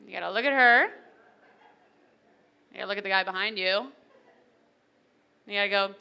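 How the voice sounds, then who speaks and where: Young woman, stand-up comic, bright forceful voice, smooth and crisp, fairly high. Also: moderate pace, pauses often. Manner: animated, chatty, acts out characters. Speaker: stand-up comedian. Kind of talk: stand-up comedy set. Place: wedding reception hall.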